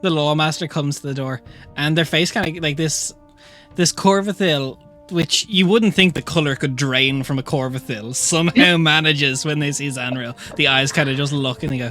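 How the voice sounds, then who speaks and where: Game master narrating a live tabletop game; expressive, mid-pitched, soft music under. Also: moderate pace. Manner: laughs often, animated storytelling.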